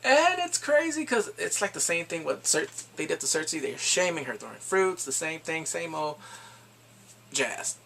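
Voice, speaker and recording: Upbeat male reviewer, gravelly edge, slightly high voice, laughs through his recaps. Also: moderate pace, slight background noise. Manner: laughing often, excitable retelling. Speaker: TV episode reviewer. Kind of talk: casual review chat.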